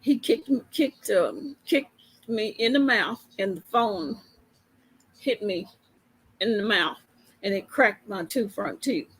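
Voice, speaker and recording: A woman's voice: medium pitch, animated, slow pace, long pauses, husky, low-quality recording. A woman police officer telling a casual story to camera, chatty and laughing often as she goes.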